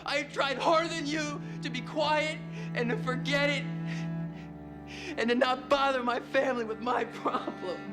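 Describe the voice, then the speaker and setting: A man's voice: very high voice, fairly even intonation, moderate pace. An actor playing an anguished teenage boy coming out to his father, crying and pleading in a TV drama scene. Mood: desperate pleading. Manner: pleading, sobbing. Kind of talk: TV drama acting. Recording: music playing behind the voice. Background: music.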